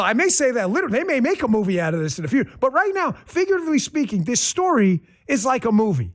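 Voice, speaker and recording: A man's voice: very high-pitched, fairly bright tone. A man hosting a political commentary show, talking in a sarcastic, riffing monologue. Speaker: host.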